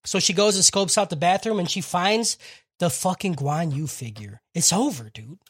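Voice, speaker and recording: A man's voice: high voice, a bit bright, slightly rough. Profane young man recapping a show. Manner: profane, fast storytelling, laughs often. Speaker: podcast co-host. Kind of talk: casual chat recapping an anime.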